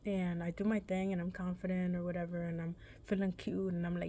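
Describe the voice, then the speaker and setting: A woman's voice: fairly low pitch, flat delivery, fairly quick, warm tone, a little hiss or hum. A young woman vlogger casually telling a personal story, rambling and correcting herself in a laid-back, chatty way.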